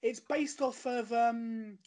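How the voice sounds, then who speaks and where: A woman talks through her recommendation in a loose, conversational way, circling back and restarting her sentences as she goes. Her voice sits a touch higher than most women's. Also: steady tone, takes it slowly, darkish tone. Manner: chatty and rambling, with many restarts. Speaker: guest recommending a TV show. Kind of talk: casual podcast chat.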